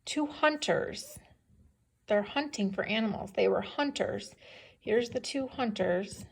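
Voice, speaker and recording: A woman teacher reads a story aloud to young children and pauses often to ask whether they can picture the scene. She speaks slowly, with a gravelly fry in her voice. Her manner is patient, and she keeps checking what they understand. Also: mid-range voice, lively intonation. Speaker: second-grade teacher.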